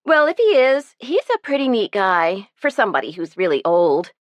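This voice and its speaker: A woman's voice: medium pitch, big pitch swings, normal speed, no room sound, highs cut off, pitched above the performer's own voice, lightly acted. A woman voicing a moody, blunt teenage girl who speaks emphatically. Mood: sulky.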